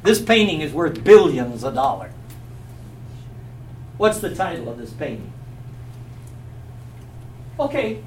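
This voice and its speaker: A man's voice: fairly high pitch, big pitch swings, slow, long pauses. A man teaching a Bible class, telling a story with animation and quizzing his listeners. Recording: echoey, from a distance, faint hum.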